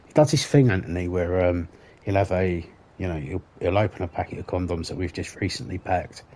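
A man talks to his viewers during a game livestream. His voice sits a little low and sounds soft and warm. He rambles, swears freely and laughs at his own jokes. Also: fairly quick. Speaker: gaming livestreamer. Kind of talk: casual livestream chat while playing.

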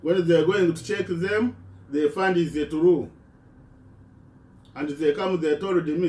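Man, halting impassioned speech, mellow tone, distant echoey recording. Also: a little high, fairly even intonation. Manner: halting, repeats words and restarts.

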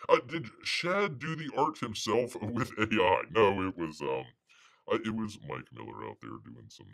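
Gravelly, swooping male livestream host. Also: fairly low pitch, sing-song, a bit bright. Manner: rambling, refers to himself in third person as Bear; halting, full of fillers and restarts. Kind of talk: casual livestream commentary.

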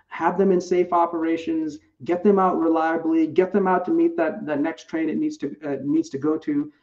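Halting man presenting on a panel. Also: a little high, darkish tone. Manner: halting, many restarts and fillers. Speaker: panelist presenting for a rail technology company. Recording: muffled, distant remote audio.

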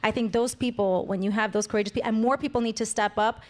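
A woman's voice: fairly high pitch, fairly even intonation, fast. A woman co-hosting a talk show, speaking earnestly and with strong opinions in casual chat.

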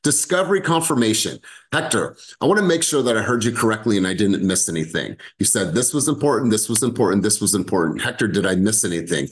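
A man leading a sales team over a video call, talking with lively energy and casual swearing. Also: quick pace. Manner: animated, swears casually, acts out sales pitches. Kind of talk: energetic coaching talk.

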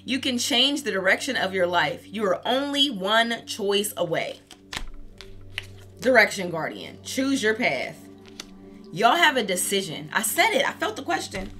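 A woman's voice: mid-range voice, big pitch swings, measured pace, bright, forceful tone, faint music behind. A woman giving a casual tarot reading, candid and profane, laughing often as she talks. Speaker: tarot reader.

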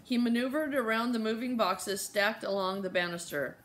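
A woman narrating a children's novel with lively, storytelling delivery. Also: fairly high pitch, normal speed. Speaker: audiobook narrator. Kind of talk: scripted narration.

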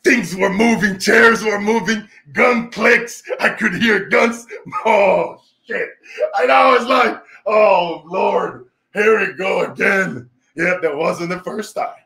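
A Brazilian man with a fairly high voice tells a motivational story as host of his own show. He speaks with a Brazilian Portuguese accent, emphatic and lively, breaking into laughter often. His tone stays energetic throughout. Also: slow, vocal fry.

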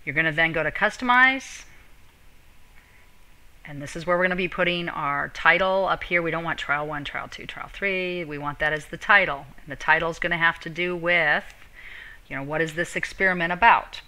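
Bright-voiced teacher, a woman, walking through steps. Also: sits low, moderate pace, poor audio. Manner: step-by-step instructional, addresses students directly. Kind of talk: screen-recorded software tutorial.

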